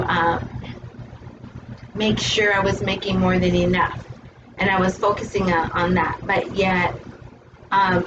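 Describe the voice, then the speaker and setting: Casting note: woman host, heartfelt testimony, chatty fillers, distant muffled mic with steady noise behind. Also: mid-range voice. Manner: emotional, storytelling, many fillers like "you know" and "like". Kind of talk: casual faith talk, personal testimony.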